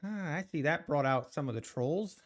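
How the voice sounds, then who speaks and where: A man's voice: a little high, animated, moderate pace. A man hosting a live trading stream, chatting casually with viewers, sighing and teasing, out of breath. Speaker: trading livestream host. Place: home.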